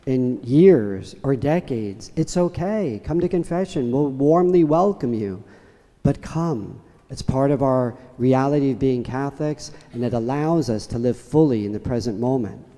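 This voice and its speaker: Priest giving a homily in a church. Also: male voice, mid-range voice, dark tone. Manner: storytelling with humor. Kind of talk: sermon. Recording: church reverb.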